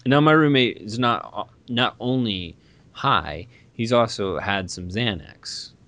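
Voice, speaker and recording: Low-voiced man telling a rambling story. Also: slow pace. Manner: rambling, animated storytelling with asides. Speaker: guest storyteller. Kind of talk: casual chat.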